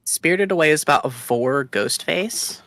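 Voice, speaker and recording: A young woman streaming a game, chatting casually and swinging between loud outbursts and quiet mumbles. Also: low-pitched, animated, moderate pace. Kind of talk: casual chat while gaming.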